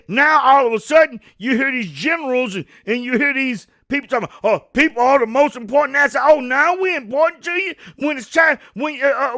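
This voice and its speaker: A fiery man delivers an opinion rant. His voice sits very high and sounds bright and sharp. He stammers, repeats himself and preaches at the listener. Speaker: host of a commentary show.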